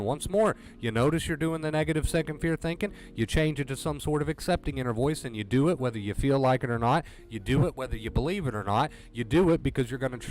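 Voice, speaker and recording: A man coaching viewers through anxiety recovery on a livestream, talking earnestly and directly, repeating his points for emphasis. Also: medium pitch. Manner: earnest, repetitive, direct pep talk.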